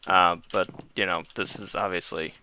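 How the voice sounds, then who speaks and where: A man's voice: sits low, fairly even intonation, moderate pace, sharp tone, a little hiss or hum. A man casually commenting while playing a building game, rambling, correcting himself and talking to his viewers. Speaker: gaming channel host.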